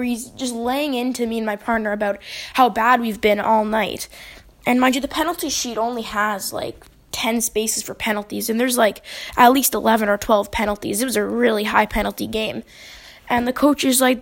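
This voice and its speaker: A woman's voice: a little high, steady tone, fairly quick. A woman, a hockey referee, telling stories and giving advice in a chatty way, often saying "basically" and "right?". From British Columbia, Canada. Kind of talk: casual advice storytelling.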